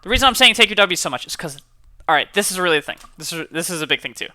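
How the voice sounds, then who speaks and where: A man's voice: high voice, expressive, racing, sharp tone, no room sound, studio quality. A young man, a college student, chatting casually and upbeat to camera, with lots of fillers and repeated words. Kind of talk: casual motivational chat to camera.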